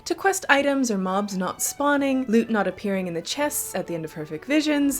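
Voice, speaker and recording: A woman co-hosting a gaming news show, reading a scripted narration in a sarcastic, mock-earnest way. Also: on the high side. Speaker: co-host.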